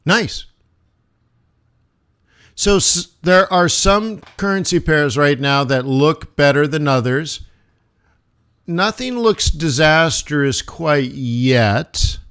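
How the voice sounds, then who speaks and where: A man's voice: fairly high pitch, slow pace, pauses often, fairly bright tone, clean tone. A man hosting a live forex trading stream, talking through charts in a casual, rambling way with joking asides.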